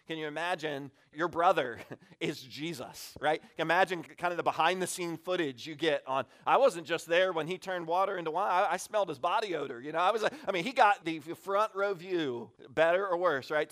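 A man in his thirties giving a conversational, self-deprecating sermon as a guest pastor in a church, acting out little asides as he talks. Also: on the high side. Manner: candid, self-deprecating, animated with acted-out asides. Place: church sanctuary.

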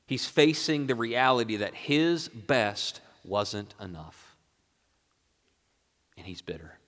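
A male pastor preaching a sermon, moving between hushed, quiet lines and raised, emphatic passages. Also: medium pitch, slow, in a large hall.

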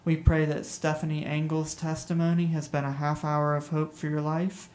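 A woman host with a very low voice wraps up a faith radio show at an even, measured pace. The room around her has a noticeable echo. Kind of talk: broadcast sign-off. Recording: roomy echo with faint hiss.

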